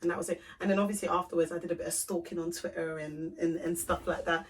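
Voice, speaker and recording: A woman's voice: fairly low pitch, little pitch movement, fast talker, a little hiss or hum. A young woman, co-hosting a podcast and telling a personal story in casual chat, acting out both sides of the conversation. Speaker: podcast co-host. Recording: voice from a distance off the mic.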